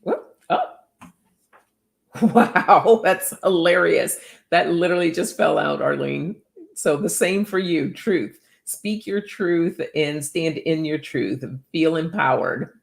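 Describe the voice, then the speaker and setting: Chatty gravelly-voiced woman reading cards. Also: deep voice, unhurried. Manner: chatty, upbeat, laughs often, calls viewers by name. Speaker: oracle card reader. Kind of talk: casual livestream card reading.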